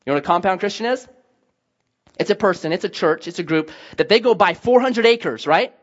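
A man preaching a sermon as a pastor, telling stories with lively acted-out dialogue. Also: high voice, a little fast. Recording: dull lo-fi sound.

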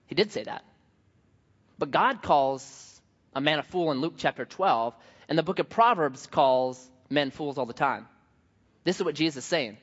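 A man preaching a sermon, telling stories with humor and playful asides. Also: high-pitched. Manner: animated storytelling, joking. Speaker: pastor. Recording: dull sound in a large reverberant hall.

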